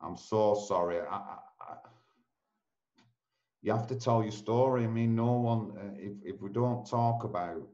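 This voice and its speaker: A man's voice: fairly low pitch, measured pace, mellow. A male host speaking in a hesitant, stammering, sympathetic way during a casual interview. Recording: echoey lo-fi room recording.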